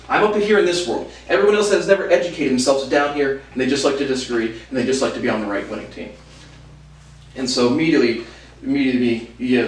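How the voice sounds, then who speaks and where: A man in his late twenties telling a long story in a casual, rambling and heated monologue, full of repetition and swearing. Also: mid-range voice. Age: late 20s. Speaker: vlogger. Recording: echoey room, mic at a distance.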